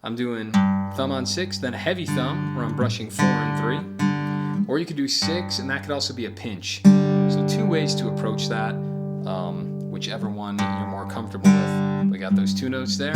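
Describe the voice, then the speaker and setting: Man, guitar teacher, counting beats aloud, mid pitch, steady loud guitar behind. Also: normal speed. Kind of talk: casual guitar lesson. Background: acoustic guitar playing.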